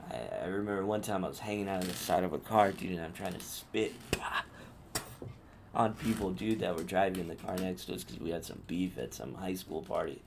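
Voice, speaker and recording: A man with a low, gravelly voice tells a story on his podcast, loose and profane, full of street slang. Faint noise sits under the recording. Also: a little fast. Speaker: podcast host. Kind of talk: casual storytelling monologue.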